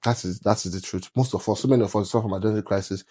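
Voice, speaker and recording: A man's voice: lowish voice, racing, warm tone, slightly rough. A young man from Nigeria with a Nigerian accent, talking emphatically on a podcast and mixing Pidgin into his English. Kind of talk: casual podcast chat.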